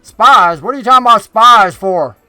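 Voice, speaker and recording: A man voicing a brash, pushy male goblin thug with a Southern accent, talking in a loud, mocking way. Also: sits high, moderate pace, no room sound. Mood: scornful.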